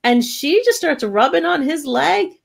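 A woman co-hosting a podcast in casual chat, animated and giggly, with lots of fillers. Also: high-pitched, a little slow, gravelly. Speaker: podcast co-host.

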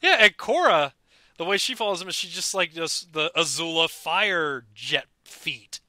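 Bright-voiced young man, eager fan chat. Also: a little high, moderate pace, no echo. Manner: enthusiastic, animated fan talk. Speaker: podcast co-host. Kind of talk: casual chat.

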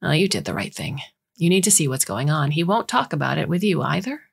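A woman's voice: sits low, sing-song, brisk, creaky, breathy edge, full character voice. A woman voicing a weary, worried middle-aged mother who talks in a matter-of-fact way.

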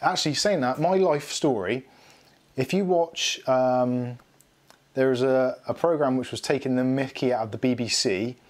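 A man's voice: mid-range voice, moderate pace. Chatty man on a live stream. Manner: chatty, rambling, self-mocking humour. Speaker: tech channel host. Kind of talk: casual live unboxing chat.

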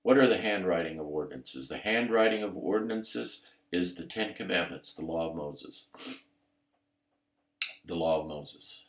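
A man preaching a sermon emphatically, building to loud, intense passages. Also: low-pitched, expressive, moderate pace. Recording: roomy echo.

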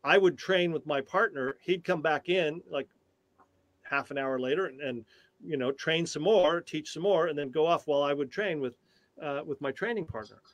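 Older male tai chi teacher, animated storyteller with many restarts, dry close sound. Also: a little high, no room sound, highs cut off. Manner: animated, halting, with frequent restarts. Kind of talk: storytelling in a conversational interview.

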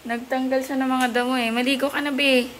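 A woman's voice: sits high, level tone, fast, fairly bright tone, slight background noise. A young Filipino mother vlogging at home, soothing and coaxing her child as she chats. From Philippines. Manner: soothing, coaxing a child, switching Tagalog and English. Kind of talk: casual home vlog. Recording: background music over voice.

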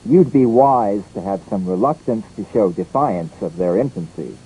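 A man's voice: lowish voice, moderate pace, slightly rough, rough recording. A man leading a scripted English pronunciation drill, saying each word and sentence twice. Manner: lively, repeats each word and line twice.

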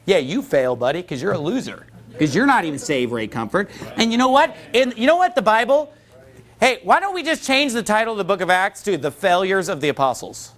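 A man preaching from the pulpit with a voice pitched a little above the usual male range. He talks bluntly and scornfully, hammering the same words again and again. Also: big pitch swings, moderate pace. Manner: blunt, mocking, repetitive preaching. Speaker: pastor. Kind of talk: sermon.

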